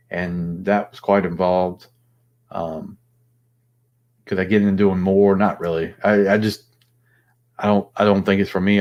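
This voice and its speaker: A lower-pitched man hosts a loose, casual chat. He rambles and thinks aloud, padding his talk with ums and restarts. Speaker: host.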